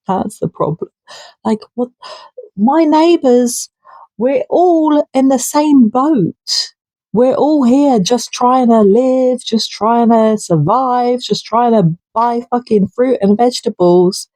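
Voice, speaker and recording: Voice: mid-range voice, slow pace, warm tone, dry recording. A person giving an impassioned solo monologue, angry and sweary, with mocking asides. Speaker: channel host.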